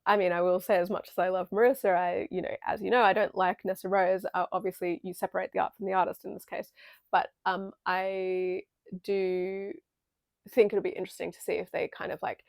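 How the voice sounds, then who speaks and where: A young woman giving a chatty, casual film analysis with a strong vocal fry. She talks loosely, with lots of fillers and offhand swearing. The recording is dry and close, with no room sound. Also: mid-range voice, level tone, brisk, no room sound. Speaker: video essay creator.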